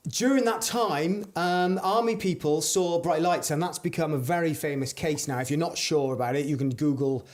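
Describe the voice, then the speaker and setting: A man's voice: a little high, normal speed, hardly any pauses. A young adult man hosting a comedic podcast, reading strange news stories with mock-dramatic delivery. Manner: dramatic storytelling reads, playful banter. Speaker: podcast host.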